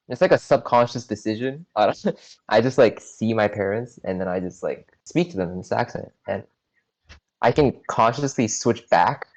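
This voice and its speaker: A man's voice: lowish voice, darkish tone. A man on a casual podcast, sounding sheepish and laughing often as he talks. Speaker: podcast co-host. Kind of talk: casual chat. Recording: dull lo-fi audio.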